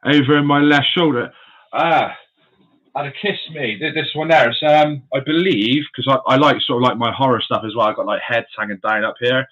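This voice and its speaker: A man's voice: mid-range voice, moderate pace, a bit bright. A man hosting a casual live stream from his room of animal enclosures, chatty and friendly, calling his viewers mate and buddy. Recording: dull lo-fi stream audio.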